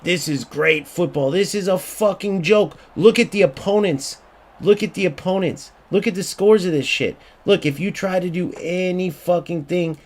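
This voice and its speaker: A man giving ranting gameplay commentary, angry and profane, repeating himself and mocking other players. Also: sits high. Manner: mocking voice when quoting others. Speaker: gaming YouTuber.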